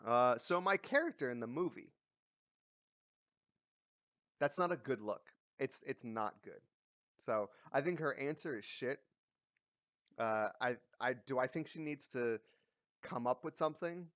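A man's voice: medium pitch, expressive, unhurried, dry recording, clean studio sound. A man giving a casual, blunt ranting commentary, mocking and swearing freely as he talks. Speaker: commentary vlogger. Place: lives in a big coastal city.

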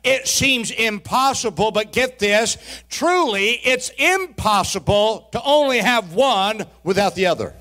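High-voiced preacher man, shouting peaks. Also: expressive, unhurried. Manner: folksy, humorous asides to the congregation. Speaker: pastor. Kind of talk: sermon. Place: church sanctuary.

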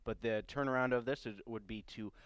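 A man's voice: mid-range voice, brisk, no echo. Casual male morning show host, dry sound. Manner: relaxed, with frequent uh and um. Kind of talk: casual local news talk.

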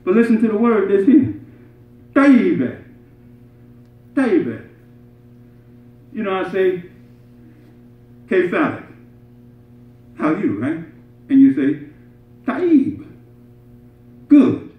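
A man's voice: sits high, very animated, slow pace, pauses often. A man giving a Friday sermon as imam. He explains Arabic words, keeps asking "right?", and builds to emphatic peaks. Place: mosque prayer hall. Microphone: far from mic. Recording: distant, echoey, muffled hall recording.

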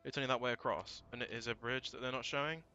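A man thinking aloud through a strategy game, casual and prone to swearing and sudden shouts. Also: mid-range voice, fast, dull audio, soft background music. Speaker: let's play gamer. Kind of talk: casual gameplay commentary.

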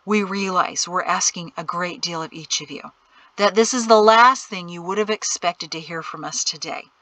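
A woman voicing a stern, worried middle-aged father who keeps his voice low and tense, often close to a whisper. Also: moderate pace, bright, forceful tone, dry recording. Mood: weary. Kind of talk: audiobook character reading.

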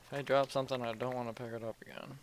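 A man's voice: mid-range voice, flat delivery, very fast, noisy background. A young man casually commentating his gameplay at home, rambling, joking and muttering to himself as he plays. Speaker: let's play host. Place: home room at night.

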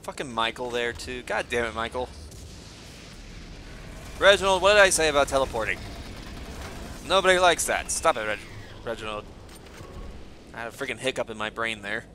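Excitable, bright-voiced man gaming. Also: medium pitch, normal speed, long pauses, a little hiss or hum. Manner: excitable, swears freely, mocks enemies. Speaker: gameplay commentator. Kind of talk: let's play commentary.

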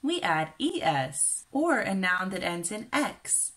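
Slow, lively Midwestern woman teacher. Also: medium pitch. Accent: Midwestern American. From Kansas, USA. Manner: clear, careful, enunciated teaching delivery. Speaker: English teacher. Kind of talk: slow scripted ESL lesson.

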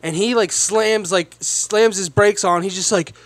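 A man's voice: high voice, fairly even intonation, a little slow, no room sound. A man telling a long story on a podcast in a casual, rambling, profane way, full of fillers and restarts. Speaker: podcast co-host. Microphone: podcast microphone.

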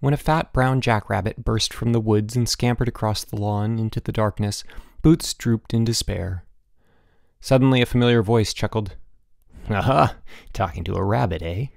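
A man reading a children's novel aloud as an audiobook narrator, steady and clear. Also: lowish voice, moderate pace, no echo, clean studio sound. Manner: steady storytelling with voiced dialogue. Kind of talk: scripted narration.

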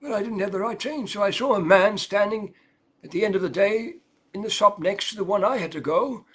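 High-voiced older man preaching. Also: brisk, fairly bright tone, breathy edge. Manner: earnest storytelling, emphatic repetition. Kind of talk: sermon with personal story.

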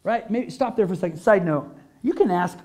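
A man's voice: high voice, animated, brisk, a little mellow. A male pastor preaching a conversational sermon to a congregation, full of rhetorical questions and emphatic peaks.

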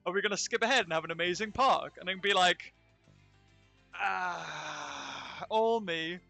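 Bright-voiced joking young streamer guy. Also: sits high, fast, soft background music. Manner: rambling, joking, chatty. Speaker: game streamer. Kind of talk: casual live-stream chat. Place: convention venue.

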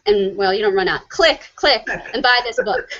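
A woman hosting a live online show, chatting casually and rushing through announcements. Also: mid-range voice, animated, a bit bright. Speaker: host. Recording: dull lo-fi sound.

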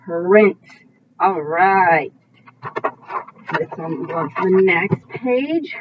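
A woman teaching a phonics lesson to young children, slowly modeling each sound and praising often. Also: on the low side, animated, slight background noise. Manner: slow, drawn-out sound modeling with frequent praise. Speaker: kindergarten teacher. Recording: tinny phone-like audio.

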